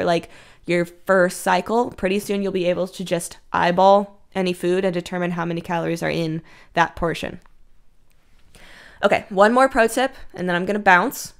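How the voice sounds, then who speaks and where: A woman's voice: mid-range voice, vocal fry, clean tone. A young woman hosting a casual solo fitness podcast, blunt and breezy, swearing freely. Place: Washington.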